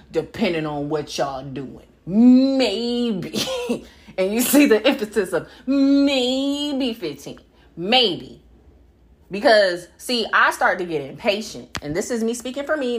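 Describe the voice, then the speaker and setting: A young adult woman hosting a solo podcast, talking bluntly and profanely in an animated, laughing monologue. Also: mid-range voice. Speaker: podcast host.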